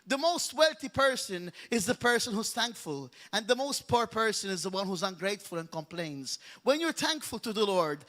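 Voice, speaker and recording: A male pastor from Malta preaching a fervent sermon, driving his points home with repeated exhortations. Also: high voice. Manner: rises into loud, half-sung declarations.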